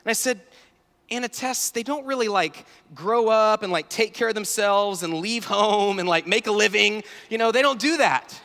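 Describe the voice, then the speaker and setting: A man in his thirties giving an animated, story-filled talk at a youth conference, acting out dialogue. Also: high voice, normal speed, vocal fry. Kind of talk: sermon-style talk with stories. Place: large conference hall. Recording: large hall reverb.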